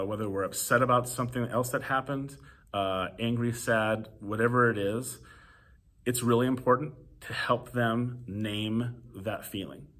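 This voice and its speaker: A man hosting a podcast, giving casual advice to teachers and parents in a relaxed, conversational way full of ums and "you know". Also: fairly low pitch. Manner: relaxed, filler-heavy, conversational. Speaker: podcast host.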